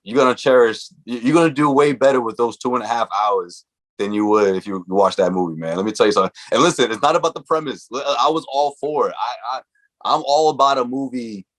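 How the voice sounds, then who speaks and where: A man co-hosting a podcast in laid-back casual chat, slangy and quick to laugh. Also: medium pitch, a bit bright. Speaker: podcast co-host.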